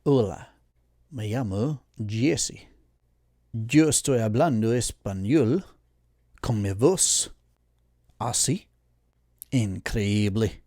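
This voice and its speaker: A man hosting a podcast monologue, deliberate and emphatic, repeating key phrases. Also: on the low side, expressive, mellow, no room sound, studio quality. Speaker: podcast host.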